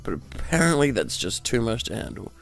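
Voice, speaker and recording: A man's voice: medium pitch, very animated, brisk, vocal fry, a bit bright, faint music behind. A man delivering a sarcastic, exasperated political rant full of rhetorical questions. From Australia.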